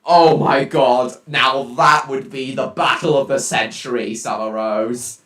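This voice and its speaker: A teenage boy live streaming from home, chatting casually and reacting out loud to his viewers' chat messages. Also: medium pitch, steady tone, measured pace. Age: teens. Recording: roomy, distant mic.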